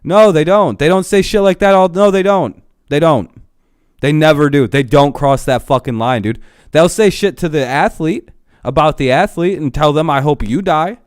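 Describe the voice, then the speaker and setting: A man's voice: on the high side, moderate pace, smooth, no room sound, studio quality. A young man ranting casually to his live-stream chat, swearing a lot, laughing often and getting heated.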